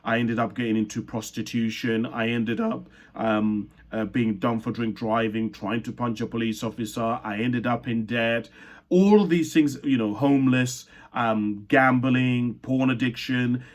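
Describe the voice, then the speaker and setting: A young man born in Uganda telling a personal story in an earnest, reflective way, often stopping to correct himself mid-sentence. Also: medium pitch. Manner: earnest, reflective, with frequent restarts and self-corrections. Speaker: speaker sharing his life story.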